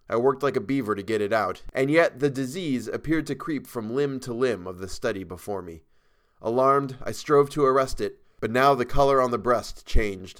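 A man reading a horror story aloud as a podcast narrator, measured and even with a dark dramatic weight. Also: medium pitch.

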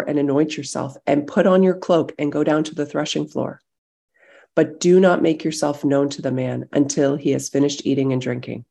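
A pastor on a call, gently leading a time of silent prayer and then reading a Bible chapter aloud. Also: medium pitch, gravelly. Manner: gentle, slow, reflective. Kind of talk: sermon with guided silent prayer and scripture reading. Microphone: video call.

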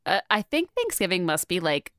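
Animated smooth-voiced woman, dry sound. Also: fairly low pitch, moderate pace, no room sound. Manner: animated, rambling, lots of "like". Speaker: podcast co-host. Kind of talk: casual podcast chat.

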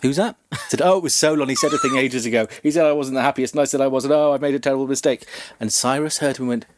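A man telling a comic history story on a podcast, animated and giggly. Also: mid-range voice, rapid-fire, background noise. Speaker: comedy podcast host.

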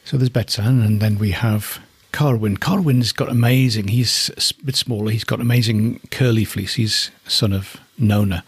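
A man's voice: fairly low pitch, fairly even intonation, normal speed, few pauses, slightly rough, dry recording. A middle-aged man from northeast England who keeps alpacas, chatting casually and fondly about them as he thinks aloud. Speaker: alpaca keeper. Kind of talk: casual spoken commentary.

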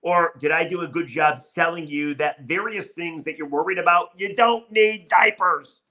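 Male sports podcast host, upbeat and wry, bright tone. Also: fairly high pitch, moderate pace. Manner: wry, self-mocking, animated. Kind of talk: solo podcast, reading listener comments.

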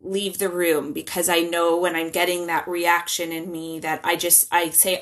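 A woman's voice: fairly low pitch, little pitch movement, normal speed, hardly any pauses, fairly bright tone. A woman in her thirties, a guest in a casual interview, talking chattily with many restarts. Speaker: guest speaking about parenting.

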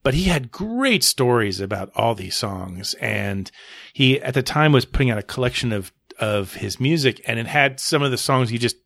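A man's voice: medium pitch, animated, normal speed, gravelly, fairly bright tone, dry recording, studio quality. A man co-hosting a podcast, chatting casually and enthusiastically about music with rambling asides. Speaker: podcast co-host.

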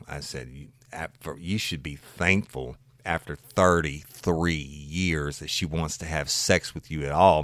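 A man, a former patrol deputy, telling a story from one of his calls in a blunt, animated way and swearing freely. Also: very deep voice, no echo. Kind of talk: casual true-crime storytelling.

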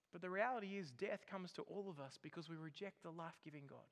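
A man's voice: high voice, fast, few pauses, long reverb tail. A man preaching a sermon as pastor, earnest and emphatic, often repeating a word as he builds a point.

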